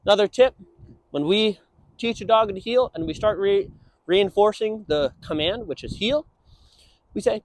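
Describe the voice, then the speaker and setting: A young man training a dog, explaining casually and breaking into high sing-song praise for it. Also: moderate pace, pauses often. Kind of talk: instructional walk-and-talk.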